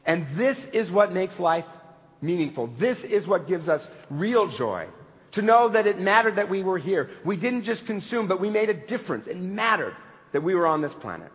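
A man's voice: high-pitched, very animated, moderate pace. A man pastor giving a sermon, telling stories earnestly and building to emphatic peaks. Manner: earnest storytelling preacher, building to emphatic climaxes. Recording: reverberant hall, dull lo-fi sound.

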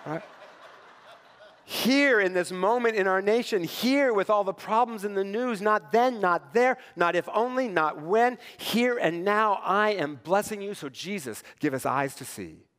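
A man's voice: high-pitched, a little slow. A middle-aged man preaching a sermon as pastor, talking conversationally and animatedly, asking the congregation "right?" often. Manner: conversational, animated, acts out quoted voices. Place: church sanctuary. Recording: long church hall reverb.

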